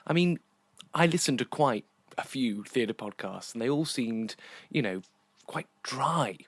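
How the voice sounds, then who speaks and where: British man hosting a podcast, animated playful delivery, dry close sound. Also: medium pitch, unhurried, no room sound. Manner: playful, teasing, chatty. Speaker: podcast host and theatre director. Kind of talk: casual interview chat and monologue.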